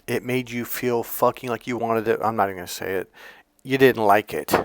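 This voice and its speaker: A man's voice: mid-range voice, fairly quick, no room sound. Brash male dating coach, swears freely, mimics people to mock them, dry close sound. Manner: blunt and profane, mocks others with put-on voices. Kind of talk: casual advice monologue.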